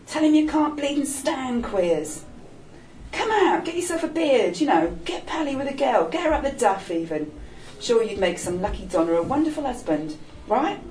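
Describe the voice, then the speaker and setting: A woman's voice: sits high, big pitch swings, normal speed, darkish tone, a little hiss or hum, voice pushed up. A woman doing a cheeky man, streetwise. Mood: urgent. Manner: cheeky, coaxing, slangy. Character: streetwise older gay man, wry and bossy. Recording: roomy echo, distant mic.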